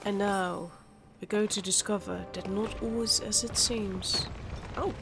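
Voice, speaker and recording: A woman's voice: medium pitch, fairly even intonation, unhurried, creaky, over music. A woman hosting a gaming channel, talking through a game in a chatty, candid way while nursing a sore throat. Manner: chatty, candid, muttering asides. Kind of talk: casual let's-play commentary.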